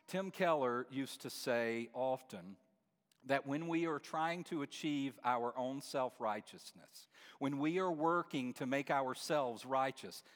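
Earnest man preaching, long hall echo. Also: medium pitch. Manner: earnest, repeats words, rises to emphatic peaks. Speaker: pastor. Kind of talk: sermon.

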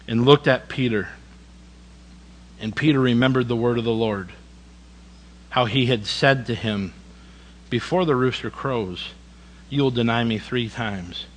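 Guy pastor preaching, reads scripture all dramatic then folksy asides, middle pitch. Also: slightly rough, poor audio. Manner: dramatic scripture reading with sudden quiet emphasis. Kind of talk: sermon.

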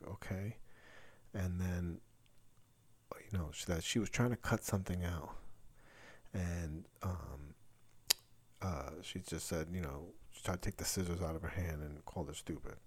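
A man's voice: low voice, a little mellow, breathy edge. A middle-aged man, hosting a casual solo podcast, talking candidly and rambling with many fillers and restarts. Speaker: podcast host.

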